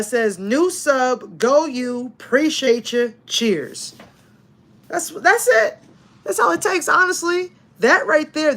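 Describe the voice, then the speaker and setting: A woman's voice: medium pitch, fairly bright tone. A woman chatting casually on a livestream, reading viewer comments, laughing often and swearing playfully in slang. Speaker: YouTuber and paranormal investigator.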